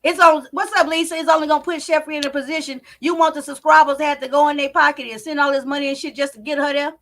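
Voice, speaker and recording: A woman hosting a live commentary stream from home, loud and profane, talking straight to her chat. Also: high voice, steady tone, quick pace, slight background noise. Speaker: commentary channel host. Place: home, indoors. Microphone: not on camera, live stream mic.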